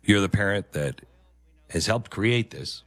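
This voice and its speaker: Male opinion host, forceful repetitions, animated delivery, dry booth sound. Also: lowish voice, unhurried, no echo. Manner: emphatic, moralizing, repeats key phrases. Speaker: commentary show host. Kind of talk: opinion commentary over played clips.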